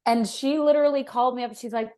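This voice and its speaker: A woman's voice: a little high, rapid-fire. A woman in her fifties, a fitness professional, talking animatedly and bluntly as a podcast guest. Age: 50s. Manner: animated, emphatic, blunt with swearing. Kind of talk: casual interview chat.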